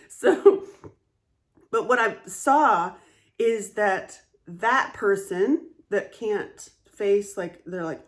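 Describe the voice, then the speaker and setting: A woman speaking candidly in a casual monologue as a trauma advocate, animated and swearing freely. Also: on the low side, takes it slowly.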